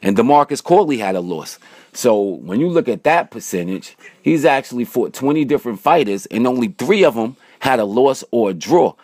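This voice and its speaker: A man's voice: medium pitch, very animated, normal speed, darkish tone, no room sound. A man vlogging, breaking down boxing stats in a casual, slangy way and often tagging his sentences with "man". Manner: slangy, direct-to-camera, repeats "man".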